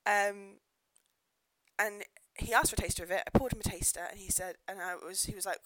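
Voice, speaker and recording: On her casual solo podcast, a pregnant woman who runs a pub speaks in a mid-range, fairly bright voice with a steady tone and a fairly quick pace. She rants, laughs, drops the odd swear word and occasionally leans off her podcast mic, and the sound is dry and close but rough.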